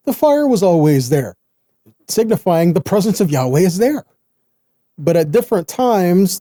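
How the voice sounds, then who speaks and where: A man's voice: fairly high pitch, dark tone, no room sound, clean studio sound. A man with a Southern US accent giving an earnest Bible teaching, often addressing his listeners as guys.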